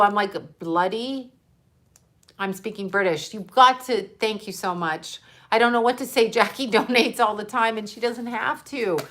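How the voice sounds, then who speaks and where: A woman's voice: on the high side, sharp tone. A woman hosting a casual livestream, chatting to viewers in a rambling, playful way, often laughing and jumping between topics. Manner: chatty and scattered, with frequent laughs and asides. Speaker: livestream host reading viewer comments.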